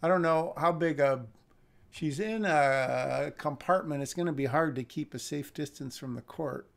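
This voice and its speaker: A script reader and critic, male, goes through a screenplay on a live stream, musing aloud with hesitant restarts. He has a higher voice with vocal fry and keeps a moderate pace.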